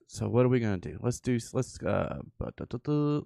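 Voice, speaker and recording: A man's voice: medium pitch, animated, moderate pace, gravelly, mellow, dry recording, clean studio sound. A man from the American South hosting a casual livestream, joking and laughing often. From Southern United States. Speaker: livestream host.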